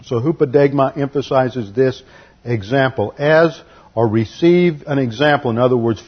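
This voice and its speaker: A man teaching an expository Bible study in a deliberate, lecturing way, spelling out Greek words letter by letter. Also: mid-range voice, slightly rough. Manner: lecturing, corrects translations. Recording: slightly muffled lo-fi recording.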